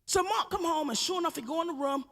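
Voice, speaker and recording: A woman from Baltimore doing stand-up comedy storytelling, profane and animated with bursts of shouting. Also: very high voice, fast talker. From Baltimore, USA. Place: large theater stage. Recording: live stage with long hall reverb.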